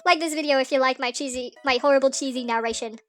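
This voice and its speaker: A woman's voice: high voice, fairly even intonation, quick pace, faint music behind. A woman reading through a story game and breaking off into rambling, self-deprecating asides. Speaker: game player and reader. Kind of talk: casual play-through commentary.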